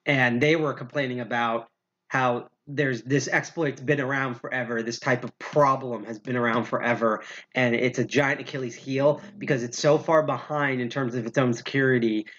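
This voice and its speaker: A man's voice: medium pitch, fairly even intonation, moderate pace, fairly bright tone. Rambling, profane man on a lo-fi stream. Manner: rambling, profane, self-correcting. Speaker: podcast host. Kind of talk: casual livestream talk.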